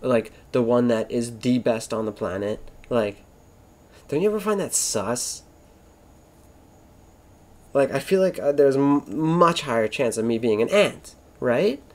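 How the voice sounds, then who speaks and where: A man's voice: medium pitch, expressive, a little slow, long pauses, darkish tone. A man rambling through a casual monologue, swearing constantly, wandering between thoughts and trailing off mid-sentence. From Florida.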